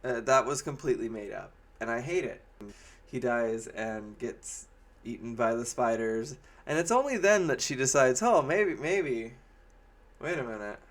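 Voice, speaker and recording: A man's voice: medium pitch, lively intonation, moderate pace, a bit bright. Guy ranting sarcastically about a movie, rambly, does mocking little voices. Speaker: movie reviewer. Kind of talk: casual spoken movie review.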